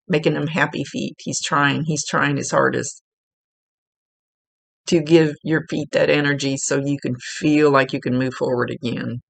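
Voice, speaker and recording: Woman psychic medium, gravelly low rasp, dry close sound, chatty and rambling reading style. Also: a bit bright, no echo. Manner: informal, rambling, with many fillers and restarts. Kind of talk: one-on-one spiritual reading. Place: at home, seated.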